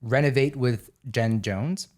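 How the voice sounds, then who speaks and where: A man's voice: mid-range voice, slow, darkish tone. Joking, swearing male co-host. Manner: joking, swears freely, laughs while telling stories. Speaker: podcast co-host. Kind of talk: casual chat.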